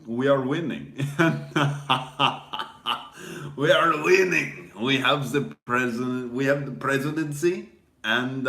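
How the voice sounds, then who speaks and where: A man doing a swaggering Russian spy with a fake Russian accent, slow and gloating in broken English, slightly low voice, booming out of an echoey room, a comic bit played for laughs. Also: a bit bright. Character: boastful male Russian agent posing as a defector.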